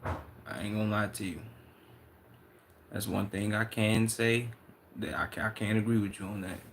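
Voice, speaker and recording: A young man from Chicago, a livestreamer reading out and answering chat in loose, profane, excitable banter. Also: lowish voice, normal speed, a little hiss or hum.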